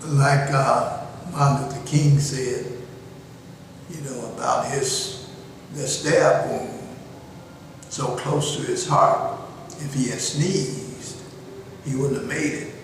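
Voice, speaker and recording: An older man hosting a show, telling young people a moral lesson in a slow, deliberate, preaching way. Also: mid-range voice, steady tone, vocal fry. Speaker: show host. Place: jail cell, steel and concrete. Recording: echoey cell, far from the mic, faint hiss.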